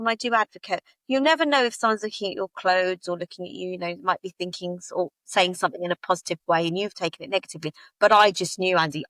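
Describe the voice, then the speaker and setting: A woman, a podcast guest, recounting a personal experience in a halting, emotional way, often repeating her phrases. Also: a bit bright, no room sound, rough recording. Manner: halting, repeats phrases, rises in pitch when retelling upsetting moments.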